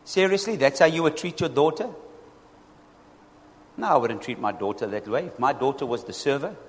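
A male pastor preaching a lively sermon, often calling out to his congregation for responses. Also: mid-range voice, normal speed. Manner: animated, asks the congregation for responses. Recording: long reverb in a hall.

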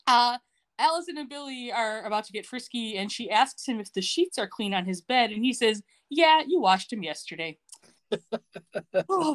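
A woman co-hosting a podcast, recapping a TV episode in casual chat, sarcastic and laughing often. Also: medium pitch. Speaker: podcast co-host.

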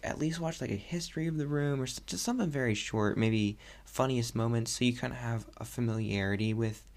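A man's voice: mid-range voice, creaky. A young man hosting his own podcast, chatting casually and rambling with lots of fillers. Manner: rambling, animated, many fillers. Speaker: podcast host. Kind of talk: casual solo podcast chat.

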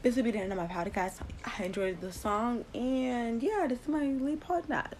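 A woman's voice: a little high, normal speed, loud music behind the voice, rough recording. A teenage girl hosting her first casual podcast late at night at home, rambling and repeating words with a giggly manner, recorded on a laptop mic. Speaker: podcast host.

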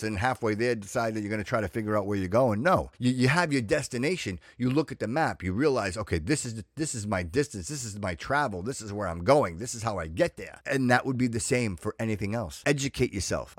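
A man's voice: medium pitch, no echo, studio quality. A middle-aged man hosting a podcast, ranting in a casual monologue and repeating himself as he gets fired up. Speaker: podcast host.

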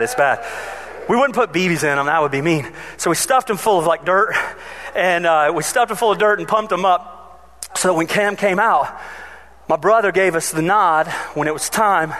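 A man preaching a sermon, telling funny stories from his childhood in an animated way. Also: fairly high pitch, normal speed, a little hiss or hum. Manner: animated, humorous storyteller. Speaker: pastor. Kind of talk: sermon with personal storytelling.

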